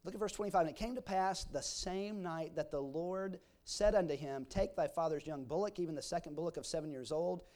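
A preacher with a voice on the higher side for a man delivers a verse-by-verse sermon. He reads old scripture aloud and then explains it in a homely, folksy way, full of everyday comparisons. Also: brisk, hardly any pauses, darkish tone. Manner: reads scripture aloud in King James wording. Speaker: pastor. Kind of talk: expository sermon.

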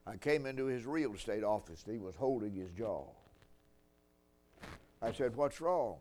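A man's voice: on the low side, animated, normal speed, warm tone, slight background noise. An older man preaching a sermon, telling folksy stories with dry humor.

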